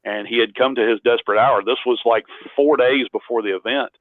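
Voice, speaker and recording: A man's voice: mid-range voice, steady tone, brisk, dry recording. A man, telling a rambling, self-deprecating story as an interview guest over a phone call. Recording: tinny phone line.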